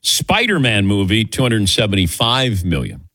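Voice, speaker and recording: A male radio host with a bright, forward tone that jumps up and down as he tells his stories. He acts out the people in them and laughs often, and the mic is close and dry. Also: lowish voice, normal speed, no echo. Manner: animated storyteller, acts out quotes, laughs often. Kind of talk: casual on-air banter.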